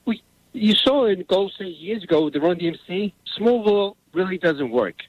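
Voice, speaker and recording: A man with a New York accent rambles through his call to a sports talk show. His voice is a touch high and comes over a slightly muffled line. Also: lively intonation, moderate pace, no room sound. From US East Coast. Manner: chatty, rambling. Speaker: caller. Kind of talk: call-in radio chat.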